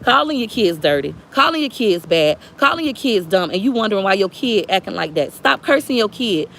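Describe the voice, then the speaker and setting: A woman's voice: medium pitch, big pitch swings, brisk, gravelly, a bit bright, a little hiss or hum. A woman speaking straight to viewers in a casual, preachy livestream chat. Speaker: livestream vlogger.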